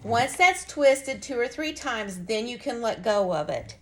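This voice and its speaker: A woman's voice: fairly high pitch, big pitch swings, a little slow. Chatty folksy woman teaching bows. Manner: folksy, chatty, addresses viewers as y'all. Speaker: craft instructor. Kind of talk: casual live craft demonstration.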